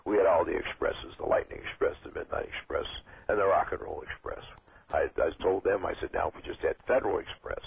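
An older man, a wrestling trainer, talking in a rambling, halting way with many fillers as a guest on a call-in show. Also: sits low, gravelly, slightly rough. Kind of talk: casual phone interview. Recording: tinny phone line.

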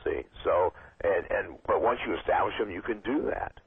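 An older man, a wrestling trainer, talking in a rambling, halting way with many fillers as a guest on a call-in show. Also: low voice, breathy edge, no echo. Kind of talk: casual phone interview. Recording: tinny phone line.

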